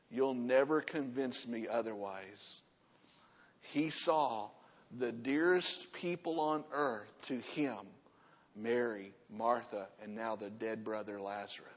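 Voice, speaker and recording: A man in his sixties preaching a sermon, repeating key words with emphasis and dropping to a soft, low voice to stress a point. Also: slow pace. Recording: muffled sound with long hall reverb.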